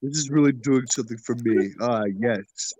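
A man chatting casually on a gaming stream, joking and breaking into loud excited yelps. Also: mid-range voice, moderate pace, a little hiss or hum.

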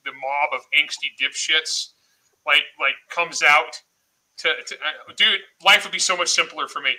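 High, bright-voiced swearing storyteller man. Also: normal speed, low-quality recording. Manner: profane, animated storyteller. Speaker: guest author. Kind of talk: casual podcast chat.

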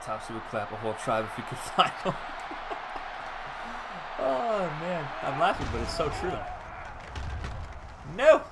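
A man streaming and commentating a football video game live, chatting with viewers and shouting on big plays. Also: a little high, unhurried, pauses often, background noise. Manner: excitable, laughs often, breaks into shouting on big plays; chats with viewers. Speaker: gaming streamer.

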